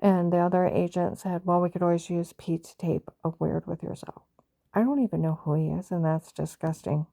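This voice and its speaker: A woman's voice: fairly low pitch, steady tone, moderate pace, gravelly, warm tone, no echo. A woman telling a personal story in a rambling, agitated monologue, often reenacting conversations and repeating herself. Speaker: vlogger recounting a personal story.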